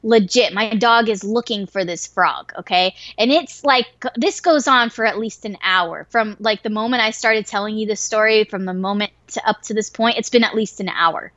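A woman telling a wild story in casual chat, swearing freely and getting animated and excitable. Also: mid-range voice, normal speed, hardly any pauses, no echo. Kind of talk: casual story told to a listener. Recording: dry, slightly dull lo-fi recording.

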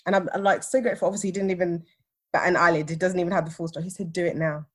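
A woman, telling a personal story in a casual chat with lively, acted-out retellings. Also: lowish voice, very fast, husky. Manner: animated, acts out others' lines. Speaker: podcast guest, teacher.

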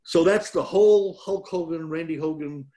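An older man with a slightly raised pitch talks through a rambling anecdote. He is a guest and former wrestler from Detroit, self-deprecating and loose. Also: moderate pace, mellow. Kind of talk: casual storytelling.

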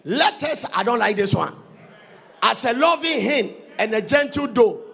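A man preaching a sermon, reading Bible verses aloud and breaking into fervent, sing-song shouts. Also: very high voice, expressive, unhurried, vocal fry, husky.

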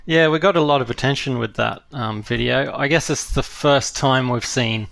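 A man talking as a guest in an interview, thoughtful and hesitant, with many pauses and restarts. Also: mid-range voice, creaky, a bit bright, no room sound. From Australia. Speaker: guest, startup CEO. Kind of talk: casual interview.

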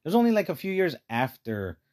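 A man co-hosting a casual chat show about films, telling stories in an animated way and acting out what people said. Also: on the high side, fast talker. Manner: animated storyteller who acts out quotes. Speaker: podcast co-host.

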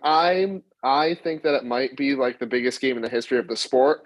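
A man co-hosting a casual sports chat, quick and joking. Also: mid-range voice, fairly even intonation, poor audio.

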